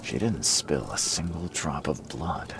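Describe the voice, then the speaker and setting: An actor voicing a grim male detective in a game, examining crime scenes in a deep, gravelly voice. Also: measured pace, music in the background, heavily acted. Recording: game audio with ambient noise.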